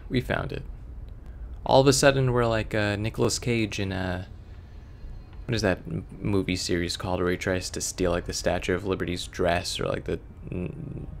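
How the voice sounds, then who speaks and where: Low and gravelly with a bit of fry, this Florida let's play commentator narrates gameplay casually, full of sarcasm and digressive tangents. A slight hiss sits under the recording. His intonation stays fairly even, and he speaks at a normal speed.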